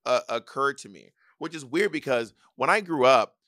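A man's voice: mid-range voice, lively intonation, moderate pace, pushed and bright, no echo, studio quality. A man with a Southern US accent, co-hosting a podcast in casual, rambling chat full of restarts. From Southern United States. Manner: rambling, with many restarts and fillers. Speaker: podcast co-host.

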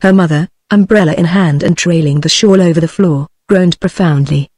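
A text-to-speech voice of a British woman reading a novel aloud in an even, measured way. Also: lowish voice, breathy edge, no echo. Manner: even, measured synthetic delivery. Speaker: audiobook narrator. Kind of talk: synthetic audiobook narration.

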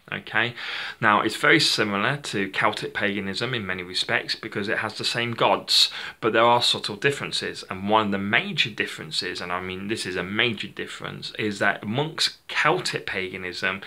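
A man's voice: lowish voice, creaky, sharp tone. A man hosting his own channel, talking off the cuff in a rambling, chatty way, often correcting himself mid-sentence. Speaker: channel host. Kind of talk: unscripted casual monologue.

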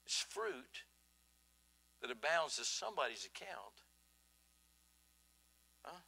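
A man preaching a sermon in a church, telling stories in an animated way that swings from hushed to loud. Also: mid-range voice, slow, vocal fry, breathy edge. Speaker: pastor. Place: church sanctuary.

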